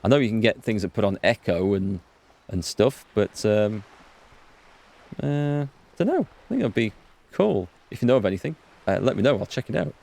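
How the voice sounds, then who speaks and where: A man with a hoarse voice chatting casually while streaming a game, rambling and self-deprecating. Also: on the low side, lively intonation, moderate pace, darkish tone. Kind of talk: casual let's play commentary.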